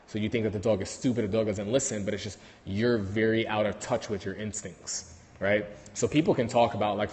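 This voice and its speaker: A man's voice: medium pitch, darkish tone, in a large hall. A man with a New York accent, a dog trainer hosting a casual livestream on his phone, talking loosely with many fillers and restarts.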